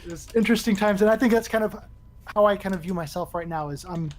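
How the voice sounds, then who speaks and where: A man's voice: high voice, quick pace, slight background noise. A man from southern Utah, a guest on a live stream, speaking casually and hesitantly, searching for words and chuckling. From southern Utah, USA.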